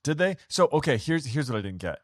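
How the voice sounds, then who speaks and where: A man co-hosting a podcast in casual chat, eager and upbeat and quick to agree. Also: mid-range voice, very animated, no echo, studio quality. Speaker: podcast co-host.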